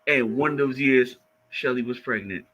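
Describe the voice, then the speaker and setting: A man co-hosting a track talk show, calmly going through medal counts before pushing his point harder. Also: mid-range voice, poor audio. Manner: measured, reciting stats, building to emphasis. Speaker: co-host called coach. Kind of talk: sports talk.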